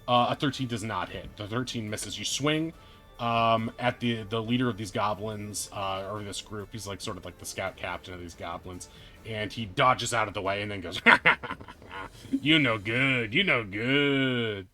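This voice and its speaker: A man running a tabletop game as game master, talking in a playful, chatty way with lots of casual fillers. His voice is lowish and very bright and forward, with light music under it. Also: normal speed.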